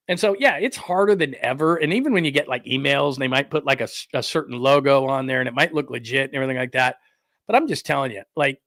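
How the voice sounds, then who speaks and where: A middle-aged man hosting a podcast, ranting in a rambling, exasperated way with lively asides. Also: mid-range voice, fast talker, no room sound, clean studio sound. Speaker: podcast host. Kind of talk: casual ranting commentary.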